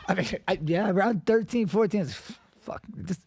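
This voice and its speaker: A man's voice: high-pitched, moderate pace, darkish tone, husky. A man co-hosting a podcast with his father, chiming in casually and swearing freely. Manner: laid-back, profane, chiming in. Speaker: podcast host, son.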